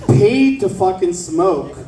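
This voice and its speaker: A man from South Florida doing a stand-up comedy set, riffing brashly and profanely with quick asides to the crowd. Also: high voice, animated, roomy sound, distant mic, background noise. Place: comedy club stage.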